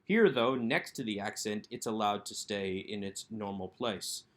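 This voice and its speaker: Man teaching slowly over slides. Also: fairly low pitch. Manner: slow, careful enunciation of Hebrew words. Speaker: Hebrew teacher. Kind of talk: recorded lesson narration over slides.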